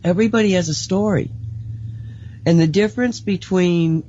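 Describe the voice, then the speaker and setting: Mellow, reflective woman, lo-fi audio. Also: fairly low pitch, moderate pace, a little hiss or hum. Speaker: panel co-host. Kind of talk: casual group discussion. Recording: dull lo-fi audio.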